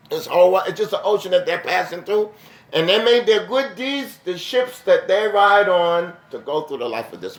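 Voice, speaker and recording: A man teaching a mosque lesson, reciting Arabic verses quickly and then explaining them in English with rising emphasis. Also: high-pitched, a bit bright. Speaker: imam teaching a class. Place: mosque hall. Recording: echoey mosque room.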